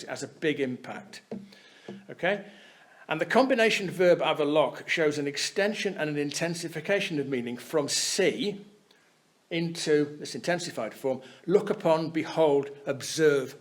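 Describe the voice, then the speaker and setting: A man teaching at a Buddhist centre, giving a chatty, explanatory talk and often checking in with his listeners. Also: fairly high pitch. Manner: conversational, keeps checking in with "yeah?".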